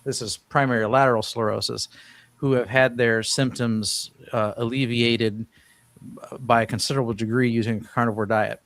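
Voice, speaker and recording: A man's voice: mid-range voice, fairly even intonation, moderate pace, fairly bright tone, dry recording. Dry-sounding man rambling as host. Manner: rambling, restarts phrases, reads questions aloud. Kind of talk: casual live-stream chat.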